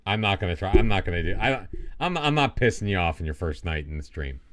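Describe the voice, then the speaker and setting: A man's voice: sits low, sing-song, fast talker, a bit bright, a little hiss or hum. A middle-aged man chatting casually on a live game stream, rambling and self-deprecating, with many restarts. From United States.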